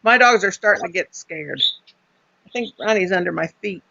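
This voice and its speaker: Gravelly, lively woman chatting. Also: medium pitch, moderate pace. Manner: chatty, laughs often. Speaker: live chat co-host. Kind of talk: casual chat. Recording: muffled lo-fi audio.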